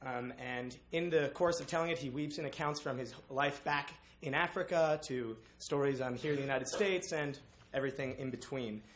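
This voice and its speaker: A young man presenting a book to his class, halting with many uhs. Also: medium pitch, slight background noise. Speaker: student presenter.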